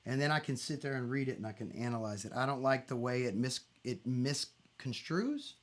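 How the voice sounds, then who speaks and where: A man's voice: medium pitch, animated, normal speed. A middle-aged man hosting a casual livestream from his home, answering viewers' questions openly, with many fillers and restarts. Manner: open, rambling, candid, with many fillers and restarts.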